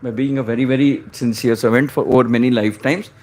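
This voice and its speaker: A man's voice: mid-range voice, steady tone, quick pace, a little mellow. A man preaching a sermon, retelling scripture stories and acting out their dialogues.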